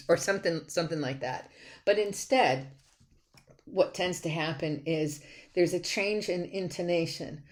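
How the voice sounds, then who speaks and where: In this recorded lecture over slides, a deep-voiced woman who teaches college speaks casually, with lots of fillers and frequent false starts.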